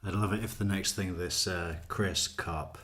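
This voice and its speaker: A man's voice: sits low, fairly even intonation, moderate pace, fairly bright tone. A man doing livestream commentary on true crime, sarcastic and mocking, with chuckling asides.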